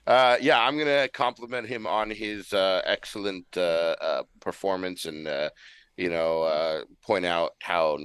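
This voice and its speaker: A man's voice: deep voice, unhurried, a bit bright, smooth, no room sound, studio quality. A man playing a tabletop game in a giggly, playful way. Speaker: player. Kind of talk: casual tabletop play.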